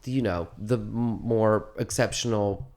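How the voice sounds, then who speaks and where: A man being interviewed, telling a long story in a rambling, animated way with many restarts. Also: fairly low pitch, a little slow. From United States. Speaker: interviewed musician. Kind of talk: casual interview.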